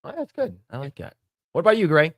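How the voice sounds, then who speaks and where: A man's voice: fairly high pitch, very animated, fast talker, no room sound, studio quality. A man hosting a casual podcast chat, rambling with lots of fillers and restarts. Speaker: podcast host.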